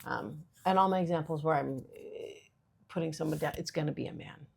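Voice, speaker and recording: Chatty gravelly-voiced mom podcaster. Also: female voice, deep voice, brisk. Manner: chatty, rambling, self-deprecating, many fillers. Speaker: podcast host. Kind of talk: casual solo monologue.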